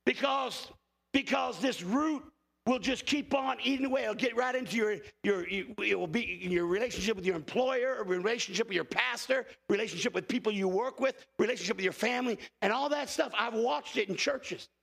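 50s pastor guy preaching loud, really high gravelly voice, big hall reverb. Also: a little fast. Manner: impassioned preaching, often shouting. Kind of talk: sermon.

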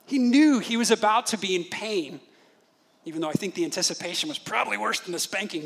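A man in his thirties preaching a sermon as a pastor, telling stories with lively delivery and briefly acting out the voices of his children. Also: high-pitched, fairly quick, vocal fry. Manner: animated storytelling, acts out voices of his children.

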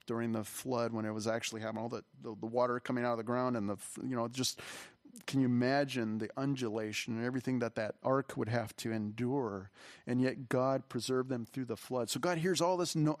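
Male pastor, mid-pitched, earnest and rambling, close and dry sound. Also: dry recording. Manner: rambling, earnest, with many restarts and fillers. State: emotional, voice catching. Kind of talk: conversational sermon. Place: church hall.

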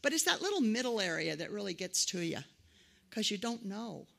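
A woman's voice: mid-range voice, brisk, gravelly. A middle-aged woman preaching a conversational sermon, telling personal stories and acting out the voices of the people in them. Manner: conversational, animated quoted voices.

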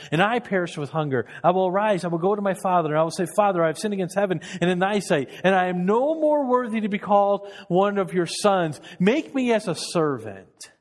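A man preaching a sermon as pastor, telling Bible stories with earnest, building intensity. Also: a little high. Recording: long hall reverb.

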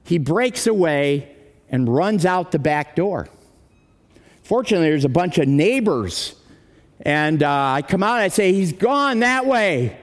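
A man's voice: fairly high pitch, expressive, a little slow. A man preaching as a pastor, telling a dramatic story and dropping his voice for the heavy moments. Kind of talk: sermon storytelling. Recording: long hall reverb.

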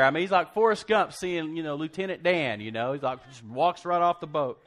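A man's voice: fairly high pitch, a little fast, few pauses, a bit bright. A man preaching a sermon, telling the story conversationally and in a folksy way, acting out quotes and laughing often. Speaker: pastor.

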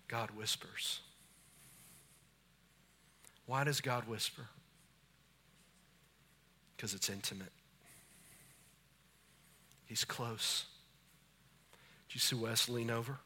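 A man preaching a sermon, swinging between booming lines and hushed, intimate ones in a church. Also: steady tone, takes it slowly, pauses often, slightly rough. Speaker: pastor. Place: church sanctuary.

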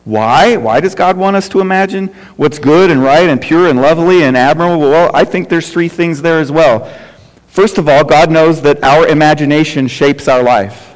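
High-voiced man preaching in a reverberant hall. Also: normal speed. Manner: conversational preaching with repetition and rhetorical questions. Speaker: pastor. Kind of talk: sermon. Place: church sanctuary.

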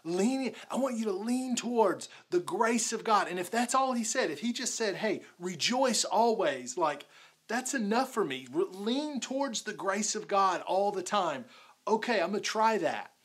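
Male pastor, laid-back talky sermon delivery, relaxed, peppered with "like". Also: high-pitched, moderate pace. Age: adult, married with a daughter. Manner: casual, conversational preaching with many "like"s.

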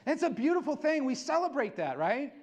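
Male pastor, middle-aged, lively sermon, high voice, swooping pitch. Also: a little fast. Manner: animated, excitable preaching with acted quotes.

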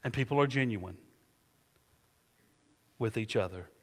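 A man's voice: on the low side, unhurried, husky. A middle-aged male pastor preaching a sermon in a church, emphatic and rhetorical, asking the congregation questions and answering them. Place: church sanctuary. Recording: long church reverb.

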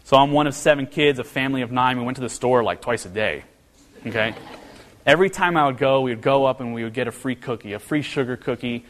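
A man preaching a sermon, earnest and storytelling, his pitch rising when he gets animated. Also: fast talker. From American Midwest. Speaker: pastor. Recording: long hall reverb.

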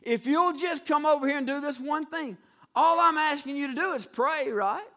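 A wealthy king, pushy and impatient, smooth-talking his offers and snapping in exasperation as a preacher acts him out in a sermon. The voice is very high and bright, with a forceful edge. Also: normal speed, heavily acted. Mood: persuasive.

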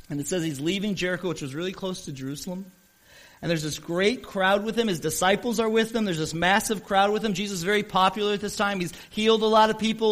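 A pastor with a rather high voice preaches to his congregation, earnestly telling a story. He speeds up and slows down, his volume swelling as he drives his point home.

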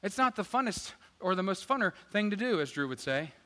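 A man preaching a sermon as pastor, energetic and joking, swinging between loud emphasis and quiet asides. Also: sits high, a little fast. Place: church sanctuary. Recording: church hall reverb with faint guitar.

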